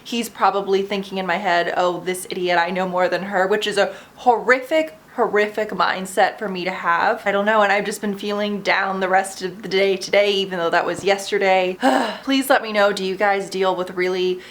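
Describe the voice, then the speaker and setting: A woman in her late twenties talks straight to her camera at home, casual and confessional. Her pitch sits in a middle range, and she keeps slipping in easy fillers like "you know" and "like" as she admits her worries. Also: fairly even intonation, moderate pace, fairly bright tone, a little hiss or hum. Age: 20s. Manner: chatty and candid, frequent fillers like "you know" and "like"; self-doubting, confessional. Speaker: vlogger. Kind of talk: casual vlog chat to camera.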